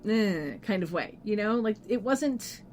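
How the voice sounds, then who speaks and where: A woman's voice: mid-range voice, lively intonation, a little slow, a little mellow, a little hiss or hum. A woman co-hosting a podcast in casual chat, agreeable and chatty, dropping in researched facts. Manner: agreeable, chatty, fact-sharing. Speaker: podcast co-host.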